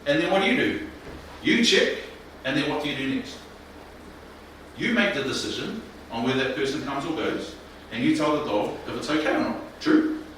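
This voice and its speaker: A man leading a mental health workshop, speaking in a colloquial, animated way and often questioning the audience. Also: medium pitch, moderate pace. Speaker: workshop presenter. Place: room with live audience. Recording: echoey room, distant mic, faint noise.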